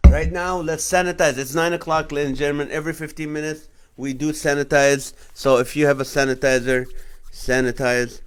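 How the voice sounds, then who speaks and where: Smooth-voiced joking male comedian host. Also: on the high side, fairly even intonation, brisk, hardly any pauses. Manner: jokey, reads comments aloud and laughs along. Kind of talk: casual live-stream chat reading viewer comments.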